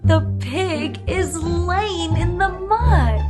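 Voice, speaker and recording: Very high-pitched, slow bilingual kids' teacher. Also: female voice, over loud music. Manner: slow, sing-song and animated, switching between English and Spanish. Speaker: children's speech teacher.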